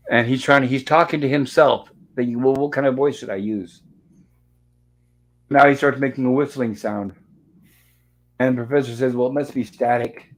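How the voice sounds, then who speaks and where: Man casually recapping an old episode. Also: mid-range voice. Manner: retells scenes and reads dialogue lines aloud. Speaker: show host.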